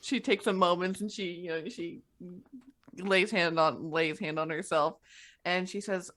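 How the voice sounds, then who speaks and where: A woman player in a tabletop game, narrating her character and rolls in lively, laughing table talk. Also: fairly low pitch, unhurried.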